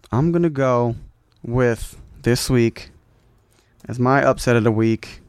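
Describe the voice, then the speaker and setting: A man's voice: medium pitch, slow, darkish tone, clean tone, no echo. Joking man co-hosting a sports podcast. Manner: loose, joking, lots of fillers. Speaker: podcast co-host. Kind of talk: casual sports podcast chat.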